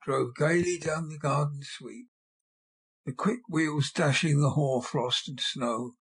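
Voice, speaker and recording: A man reads an audiobook with measured, expressive storytelling, his mid-range voice carrying a breathy edge.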